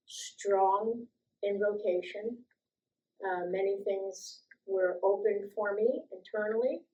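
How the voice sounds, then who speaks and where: Older woman, mid-pitched, from the US East Coast, animated storyteller who acts out quotes. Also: takes it slowly, highs cut off. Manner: lively, acts out quoted voices, laughs often. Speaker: guest speaker sharing life stories. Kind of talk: personal storytelling talk.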